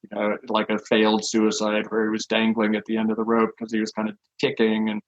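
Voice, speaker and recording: A man's voice: on the low side, completely flat delivery, a little fast, dull audio. A man in his sixties, a podcast guest telling rambling stories with lots of fillers and chuckles. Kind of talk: casual anecdotal storytelling.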